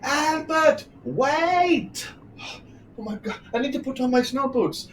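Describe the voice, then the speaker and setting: A man's voice: extremely high pitch, lively intonation, takes it slowly, a bit bright, far from the mic, a little hiss or hum, full character voice. A man voicing a flustered man who hurries after a friend and calls out in a frantic, scattered way. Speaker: performer in a telepresence rehearsal.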